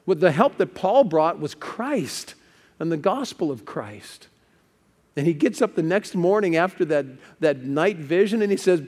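A man's voice: on the high side, expressive, normal speed, a little mellow, long reverb tail. A male pastor preaching a sermon, telling stories with building urgency.

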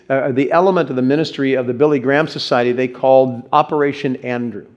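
A male pastor giving a sermon, telling stories in an animated way and putting questions to his congregation. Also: fairly high pitch. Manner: animated storyteller, acts out quotes, asks the audience questions. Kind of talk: sermon with personal storytelling.

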